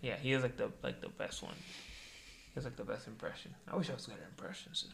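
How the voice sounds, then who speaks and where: Gravelly young man chatting casually. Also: mid-range voice, brisk, fairly bright tone, slight background noise. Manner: laid-back, joking, swears often. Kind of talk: casual chat.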